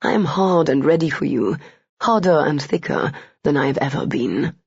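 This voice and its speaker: A woman voicing a gruff, commanding young gentleman lover, lowering her voice. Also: animated, moderate pace, no room sound, exaggerated voice. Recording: dull, lo-fi.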